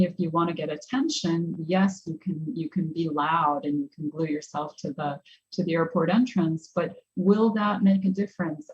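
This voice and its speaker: A woman's voice: on the low side, darkish tone, breathy edge, highs cut off. A woman professor answering audience questions at a conference, thinking aloud and often restarting her sentences. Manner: thoughtful, with frequent restarts.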